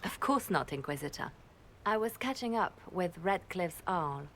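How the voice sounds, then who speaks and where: A calm, dignified church leader in a fantasy game. Her voice sits a little low and she speaks in a measured, composed way, courteous and unhurried. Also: a little hiss or hum. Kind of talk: game dialogue.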